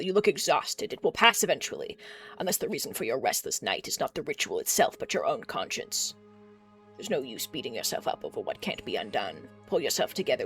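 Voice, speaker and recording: A streamer voicing a scheming old crone merchant in a game, sly and mocking, with a drawn-out delivery. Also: mid-range voice, fairly bright tone. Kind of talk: reading game dialogue aloud.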